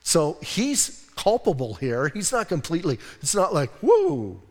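A male pastor preaching a sermon in an animated, conversational way, acting out quotes and laughing often. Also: a little high, moderate pace, big-room sound.

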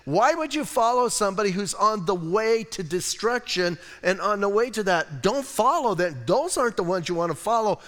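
Conversational preacher in an echoing hall. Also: male voice, high-pitched, fairly bright tone. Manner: conversational, repeats "listen", joking asides. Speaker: pastor. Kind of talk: sermon. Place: church sanctuary.

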